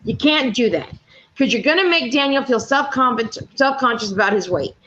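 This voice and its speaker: A blunt woman in her fifties with a fairly high voice, swearing freely as she tells stories in casual chat. The audio is dull and lo-fi, with a faint hiss behind her. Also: lively intonation, a little fast, a bit bright. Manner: blunt, profane storyteller. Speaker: panel speaker.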